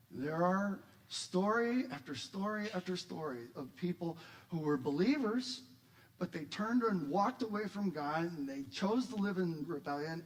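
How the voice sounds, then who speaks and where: A middle-aged man preaching a sermon in a high-pitched voice. He is animated and gets louder when he acts out the voices in his stories, then drops back to a calmer teaching tone. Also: poor audio. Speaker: pastor.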